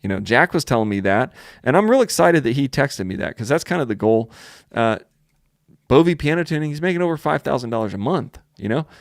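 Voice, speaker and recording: This is a man in the middle of the usual pitch range, hosting a casual webinar where he pitches his piano tuning course. He rambles, restarts sentences and leans on fillers constantly. The sound is close and dry, with no room around it. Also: animated, brisk, gravelly, no echo. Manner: rambling, filler-heavy, with many restarts and "you know, like".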